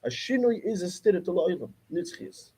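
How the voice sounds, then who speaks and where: A man leading a lively study class, his voice husky and a little higher than most. He argues insistently, pressing his points again and again against interruptions. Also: fast talker. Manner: insistent, argumentative, mixes Yiddish and Hebrew terms. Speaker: Torah class teacher. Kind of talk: heated study-class debate.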